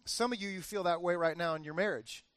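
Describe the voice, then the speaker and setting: Man, pastor, high voice, animated sermon storytelling, dry close sound. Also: fast, no room sound. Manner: animated storyteller, acts out family cheers. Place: church.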